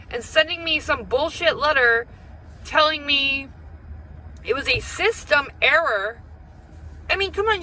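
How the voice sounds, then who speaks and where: A woman's voice: high-pitched, sharp tone, a little hiss or hum, poor audio. A woman who works as a delivery driver, ranting with anger and frustration, swearing and repeating herself. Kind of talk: ranting video monologue.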